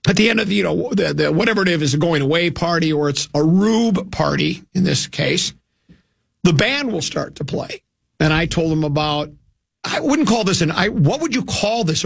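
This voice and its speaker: Gravelly folksy older radio host. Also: male voice, high voice, no room sound, clean studio sound. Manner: folksy, self-mocking, many restarts. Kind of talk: rambling radio anecdote.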